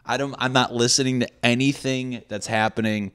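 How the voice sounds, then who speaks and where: A young man hosting a comedy podcast, rambling in a profane, sarcastic monologue full of quick asides. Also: mid-range voice, fairly bright tone. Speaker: podcast host. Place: apartment building with hammering neighbors.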